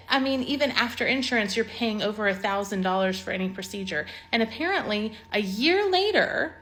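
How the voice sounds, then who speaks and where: A woman's voice: fairly high pitch, moderate pace, few pauses, fairly bright tone. A woman in a casual vlog, complaining indignantly and with emphasis about a bill.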